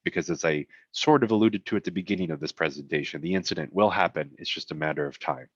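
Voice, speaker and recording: Man, low voice, conversational webinar presenter with offhand humor, voice tiring; dry, slightly muffled mic. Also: fast talker, husky, no room sound. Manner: conversational, self-deprecating asides. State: voice getting tired. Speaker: cybersecurity presenter.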